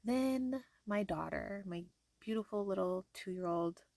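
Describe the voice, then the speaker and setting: A young woman talking softly and hesitantly in a personal diary vlog, with many fillers and restarts. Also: mid-range voice, slow pace, creaky, no echo. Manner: soft-spoken, hesitant, lots of fillers and restarts. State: tearful at times. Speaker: vlogger.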